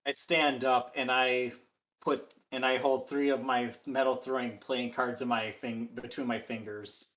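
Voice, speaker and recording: A man playing a tabletop game talks in a casual, chatty way and explains the rules. His voice sits at a middle pitch. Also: flat delivery, measured pace, fairly bright tone. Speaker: player.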